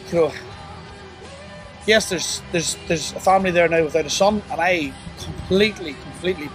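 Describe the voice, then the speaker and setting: A young man tells a painful story of remorse, his voice sitting fairly high. He stumbles and restarts, leaning on fillers as he goes. Faint music plays under him. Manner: halting, full of "you know" and restarts; remorseful, low and subdued. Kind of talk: personal confession interview.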